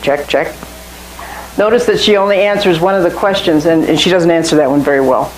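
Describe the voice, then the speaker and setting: A woman's voice: fairly low pitch, brisk, roomy sound, slight background noise, rough recording. A woman leading an informal Bible study, talking through scripture in a conversational way and often repeating and restarting phrases. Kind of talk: informal Bible teaching to a small group.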